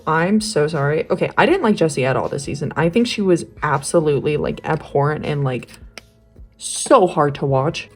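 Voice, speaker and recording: A woman's voice: on the low side, a little mellow. A young woman chatting casually while she draws, rambling with lots of fillers and slang. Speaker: art vlogger. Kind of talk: casual chat while drawing.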